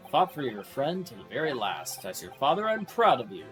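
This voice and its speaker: A man voicing a proud middle-aged father who speaks in a measured, warm way. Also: mid-range voice, sing-song, faint music behind, voice pushed down.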